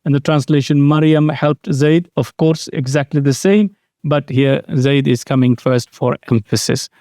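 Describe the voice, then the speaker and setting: Measured man teaching grammar, dry sound. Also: a little high, mellow, no room sound. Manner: explains slowly, repeats key terms, mixes in Arabic words. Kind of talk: recorded online lesson.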